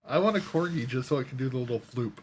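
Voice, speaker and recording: A man's voice: medium pitch, racing, a little hiss or hum. A man telling a long story while playing a game, rambling along with lots of swearing and quoted voices. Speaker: gaming streamer.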